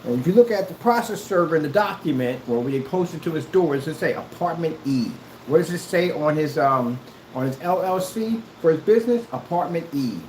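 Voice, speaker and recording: A man's voice: fairly high pitch, lively intonation, brisk, a little mellow, roomy sound, slight background noise, low-quality recording. A man ranting in a callout video, combative and mocking, who keeps repeating himself. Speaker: YouTuber.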